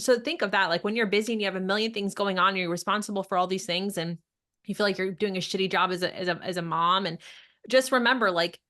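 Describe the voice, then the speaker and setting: Woman co-host, casual, filler-heavy, relaxed delivery, low-pitched. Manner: chatty, filler-heavy, with many likes. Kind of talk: casual podcast chat.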